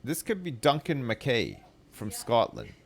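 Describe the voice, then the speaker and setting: Unhurried man musing over a game. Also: mid-range voice, huge pitch swings, gravelly. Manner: thinking aloud, musing over clues. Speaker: streamer. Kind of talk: gameplay commentary. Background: game music.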